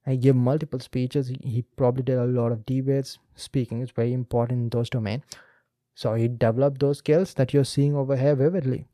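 Guy breaking down a clip, teacher vibe, soft warm tone. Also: mid-range voice, flat delivery, brisk, no room sound, studio quality. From India. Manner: teacherly, addresses the listener directly. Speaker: podcast host and speaking coach. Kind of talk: explanatory commentary on a video clip.

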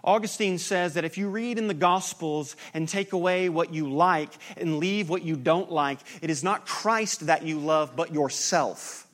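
A man's voice: fairly high pitch, unhurried, few pauses, a bit bright. Man preaching a conversational, impassioned sermon. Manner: conversational, building to impassioned climax. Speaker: pastor.

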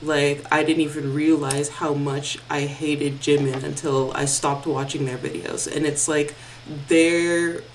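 A woman's voice: low-pitched, flat delivery, a little slow. A young woman co-hosting a podcast in a casual, rambling way, using many fillers and slang. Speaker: podcast co-host. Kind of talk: casual chat. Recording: from a distance with faint noise.

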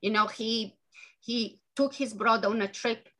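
A woman author talking earnestly as an interview guest, halting and restarting her sentences often. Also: a little high, bright, forceful tone, low-quality recording. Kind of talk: podcast interview conversation.

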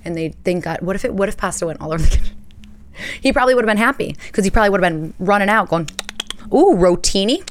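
A woman in her thirties from the United States hosting a podcast, chatting casually and telling stories with playful asides. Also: fairly low pitch. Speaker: podcast host. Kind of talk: casual chat.

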